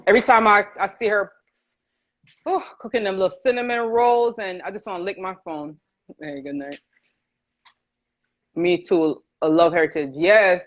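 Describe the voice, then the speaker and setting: A Jamaican woman hosts a live cooking stream, chatting easily and laughing as she calls out viewers by name. Her voice sits at a middle pitch. The sound is a little dull and lo-fi, like a phone livestream. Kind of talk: casual livestream chat while cooking.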